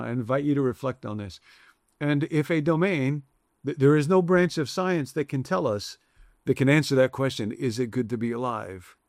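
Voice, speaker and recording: A man delivers a conversational sermon in a gravelly, mid-pitched voice. He preaches in a reflective way with shifting emphasis, recorded dry and close. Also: a little mellow, no room sound. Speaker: pastor.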